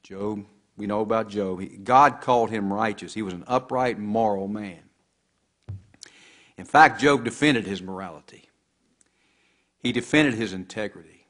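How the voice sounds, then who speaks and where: A man's voice: fairly low pitch, a little slow, pauses often, fairly bright tone. A man preaching a sermon, quoting scripture with rising and falling emphasis.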